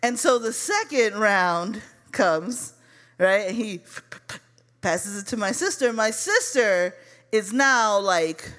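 A woman from Chicago telling a personal story live, animated and profane, calling her listeners y'all. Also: mid-range voice, slow pace.

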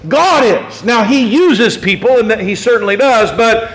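A man's voice: very high-pitched, lively intonation, normal speed, fairly bright tone, poor audio. A male pastor delivering a sermon in an emphatic, folksy way, with self-deprecating asides.

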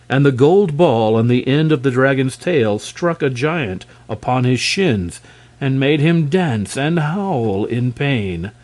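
A male reader narrating a storybook audiobook chapter. His delivery is measured and expressive, with average pitch and a lively, varied melody.

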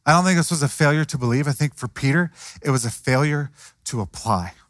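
A man's voice: on the high side, brisk, a bit bright, dry recording, studio quality. A man preaching a sermon in a conversational way, acting out the voices of the people he quotes. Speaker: pastor.

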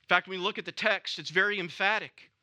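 A man preaching an expository sermon, measured and emphatic, repeating key phrases for weight. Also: high voice, sharp tone.

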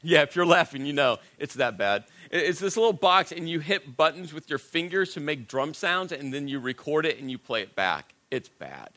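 A middle-aged man preaching a sermon, telling a personal story in a conversational, self-deprecating way and dropping to a hushed voice at serious moments. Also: on the high side, sing-song, normal speed, hardly any pauses. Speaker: pastor.

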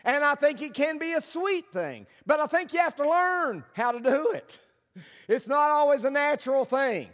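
A man's voice: very high voice, lively intonation, moderate pace, a bit bright. A man preaching a sermon as a guest speaker, folksy and humorous, getting the congregation to repeat his words back to him. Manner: folksy and humorous, leads the congregation in call and response. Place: church sanctuary. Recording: long church hall reverb.

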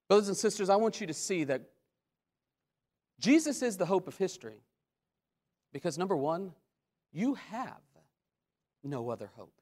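A man preaching a sermon as a pastor, with dramatic swings between loud questions and hushed asides. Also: sits high. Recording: long hall reverb.

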